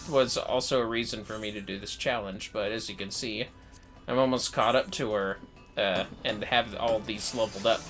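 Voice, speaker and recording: A man's voice: medium pitch, fairly bright tone. A man chatting casually while livestreaming a video game, swearing freely and answering chat. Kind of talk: casual gameplay commentary.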